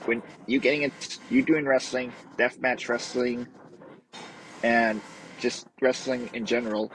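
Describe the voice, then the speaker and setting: A man hosting a podcast, asking loose, halting questions in casual interview talk. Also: mid-range voice, flat delivery, a bit bright, a little hiss or hum, low-quality recording. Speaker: podcast host.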